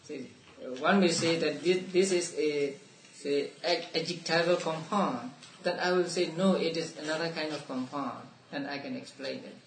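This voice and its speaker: A man teaching a Buddhist text to a study class, explaining slowly with restarts and soft laughs. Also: a little high, creaky. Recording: roomy, distant mic, faint room noise.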